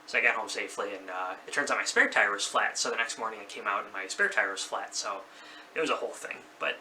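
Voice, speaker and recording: A man in his thirties tells a personal story to camera from his bedroom, wandering off track and backing up to fix details. His voice is very bright and sharp. He sits a little back from the mic, with a faint hiss of noise underneath. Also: lowish voice, fast. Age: 30s. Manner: rambling, loses track and corrects himself. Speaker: vlogger. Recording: slightly distant mic, faint background noise.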